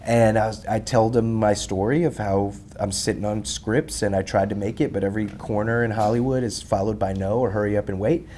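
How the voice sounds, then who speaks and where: A man's voice: fairly low pitch, brisk, few pauses, slight background noise. A man in his thirties telling stories as an interview guest, casual and profane, acting out quotes from others. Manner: animated, profane, acts out quotes. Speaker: guest, rapper and filmmaker.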